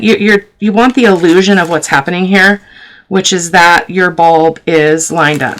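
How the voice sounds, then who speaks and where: A woman's voice: fairly low pitch, vocal fry, a bit bright, slight background noise. A woman hosting a casual crafting tutorial, chatting to her viewers and teasing herself as she works. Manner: chatty, talks to viewers while working, self-teasing. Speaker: craft channel host.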